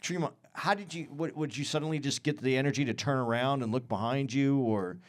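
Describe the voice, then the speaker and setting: A man co-hosting a podcast in casual chat, animated, often acting out what others said. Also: medium pitch, a little fast. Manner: animated, acts out quotes in a raised voice. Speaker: podcast co-host.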